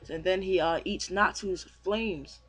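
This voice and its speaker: A man's voice: sits high, unhurried, fairly bright tone, husky. A young man casually reviewing a manga chapter, rambling with many fillers and restarts. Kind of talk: casual chat.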